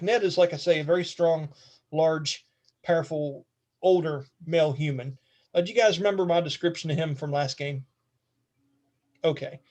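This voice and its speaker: A man's voice: a little high, a little mellow. A man narrating a tabletop game as game master, casual and rambling, often laughing.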